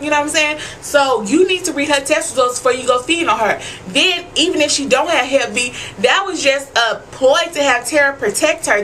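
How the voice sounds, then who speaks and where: A young woman vlogger recaps a TV episode in a loose, chatty way, swearing freely and checking in with her viewers. Her voice sits a little high and has a bright, forceful edge, with faint room noise behind it. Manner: chatty and profane, keeps asking "you know what I'm saying".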